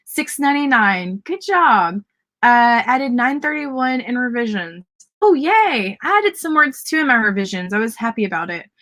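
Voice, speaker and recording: With big pitch swings in a fairly high, fairly bright voice at normal speed, a woman with a Southern accent runs a casual livestream writing sprint. She's chatty, cheering on viewers' word counts and their comments.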